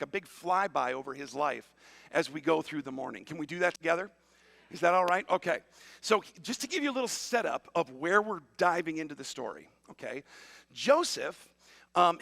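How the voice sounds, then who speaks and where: High-voiced, gravelly male pastor preaching. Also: in a large hall. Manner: animated, conversational storytelling with asides to the congregation. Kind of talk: sermon. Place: church auditorium.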